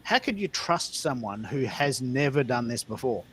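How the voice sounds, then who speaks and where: A man's voice: medium pitch, sing-song, normal speed, fairly bright tone, breathy edge. A man hosting a live audio stream discussion, talking emphatically and repeating words as he restarts. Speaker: host.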